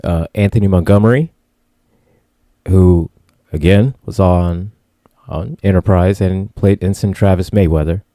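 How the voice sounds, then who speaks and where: A man with a very deep, mellow voice co-hosts a podcast in laid-back, rambling chat. The sound is dry and close, with no room echo. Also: a little slow. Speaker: podcast co-host. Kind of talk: casual podcast review chat.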